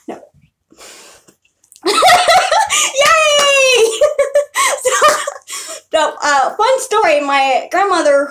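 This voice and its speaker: A young woman streaming a casual chat, excitable and giggly, often bursting into shouts. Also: high-pitched, slight background noise. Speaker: live streamer.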